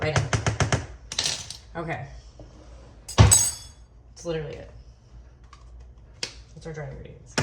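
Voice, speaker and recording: A woman hosting a casual cooking video in her home kitchen, chatty and joking at her own expense. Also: low-pitched. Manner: chatty, joking, self-deprecating. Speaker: cooking channel host. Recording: echoey kitchen, distant mic, background noise.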